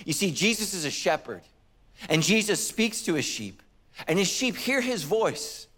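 A man's voice: high voice, very animated, normal speed, fairly bright tone. A middle-aged man preaching a sermon as pastor, telling stories with humor and acted quotes.

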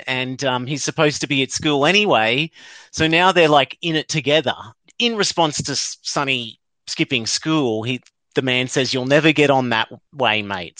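A man's voice: on the high side, pushed and bright, no echo. A man hosts a casual chat, recapping an episode in a rambling way and chuckling as he goes. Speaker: podcast host.

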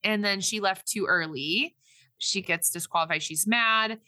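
A woman with a bright, forward, medium-pitched voice casually recounts a movie's plot at an unhurried pace. She rambles, restarts sentences, leans on "like" and "um," and quotes characters' voices. The sound is close and dry, without echo.

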